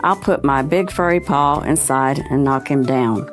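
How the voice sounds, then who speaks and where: A woman's voice: extremely low pitch, a little slow, faint music behind. A woman voicing a swaggering big bear with raised bellowing cries. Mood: alarmed.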